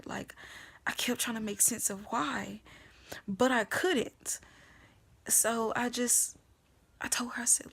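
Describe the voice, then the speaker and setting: A young woman telling her personal faith testimony, swinging between hushed whispers and loud emotional outbursts. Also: a little high, fairly even intonation, slow pace, vocal fry, long pauses, husky.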